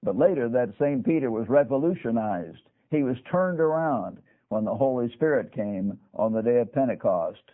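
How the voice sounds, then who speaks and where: A man's voice: medium pitch, lively intonation, normal speed, narrow, tinny audio. Emphatic male radio preacher, phone-thin sound. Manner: emphatic, with folksy asides to listeners. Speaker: radio Bible teacher. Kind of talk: broadcast sermon on scripture.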